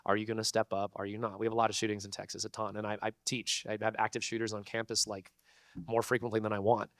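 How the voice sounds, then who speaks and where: A young male voice actor tells a story to a convention panel room audience, chatting casually with plenty of "like" and "dude" and laughing between lines. His voice is on the low side and fairly bright, yet the delivery is completely flat and quick. The studio-quality recording has no echo.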